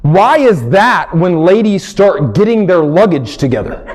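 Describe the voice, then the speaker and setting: Un hombre con acento del sur de Estados Unidos haciendo comedia en vivo, que cuenta historias con mucha expresión y grita los remates. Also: male voice, sits high, measured pace. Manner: animated storytelling, acts out characters, shouts punchlines. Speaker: stand-up comedian. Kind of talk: stand-up comedy.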